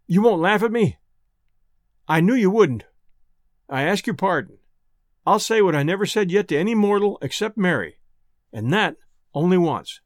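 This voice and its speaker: A man's voice: high voice, no echo, studio quality. A man narrating an old-fashioned first-person story in a bashful, homespun country dialect.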